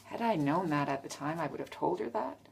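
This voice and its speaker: A woman's voice: low voice, lively intonation, brisk, gravelly, a little hiss or hum. A woman casually answering tag questions in a frank, rambling way, often correcting herself. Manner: frank, self-correcting, trails off.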